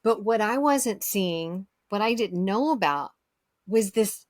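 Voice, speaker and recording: Slow and expressive, a woman with a mid-range voice hosts a podcast interview in a relaxed, eager way. She agrees readily and often says things twice. Recording is studio quality, free of echo.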